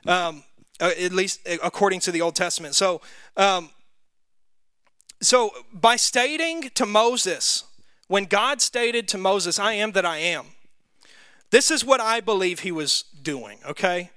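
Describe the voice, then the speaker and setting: A man's voice: sits high, a little slow, bright, forceful tone, smooth, dry recording, clean studio sound. A man with a Southern US accent teaching a Bible class, casually quizzing the group and poking fun at himself. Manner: conversational, quizzes the group, self-deprecating.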